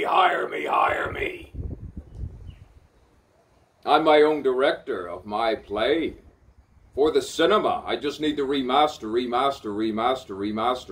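A man's voice: mid-range voice, recorded from a distance. A man rambling in an improvised spoken-word monologue, theatrical, swearing freely and repeating words over and over.

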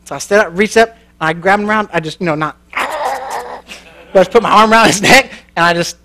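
High-pitched folksy preacher man. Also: a little fast, creaky, sharp tone. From American Midwest. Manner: folksy, jokey, laughs at his own lines. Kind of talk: sermon with storytelling. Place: church.

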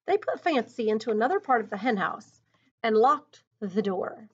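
A woman reads a picture book aloud in an expressive, teacherly manner, stopping to muse on the story. Her voice is high and very animated. The recording is dull and lo-fi. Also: moderate pace, slightly rough. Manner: expressive, teacherly, thinks aloud between passages. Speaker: storybook reader.

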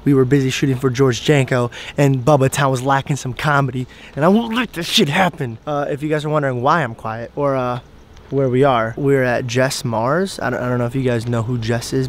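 A man's voice: mid-range voice, steady tone, a little fast. A young man hosting a casual vlog, joking and laughing often as he talks to the camera. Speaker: vlog host. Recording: clear background noise.

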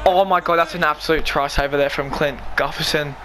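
Excitable man yelling at a game. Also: fairly high pitch, a little fast, background noise. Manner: excitable, shouting and pleading at the game. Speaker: gaming YouTuber. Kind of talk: excited live gameplay commentary.

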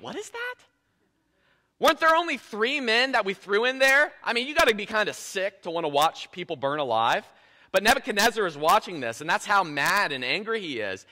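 A man preaching a sermon in a church, retelling a scripture story in a lively, playful way with casual asides. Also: fairly high pitch. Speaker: pastor. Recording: echoey church hall.

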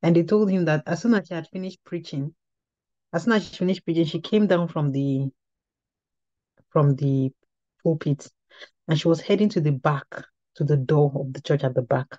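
Teaching at a women's ministry, a woman shares her testimony in an earnest, storytelling manner, often repeating and restarting phrases. Her low, mellow voice moves at a normal speed with long pauses, on a slightly dull lo-fi recording without echo.

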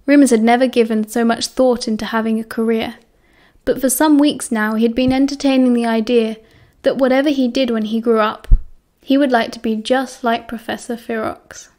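Brief: British woman, audiobook reader, slightly higher voice, steady storytelling pace. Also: normal speed. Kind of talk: fan fiction audiobook narration.

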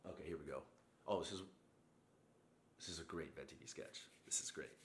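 A man's voice: extremely low pitch, a little fast, roomy sound, a little hiss or hum. A man hosting a show, giving a profane, rambling motivational rant in a blunt, cursing manner. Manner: blunt, swears constantly, rambling tangents. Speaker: show host.

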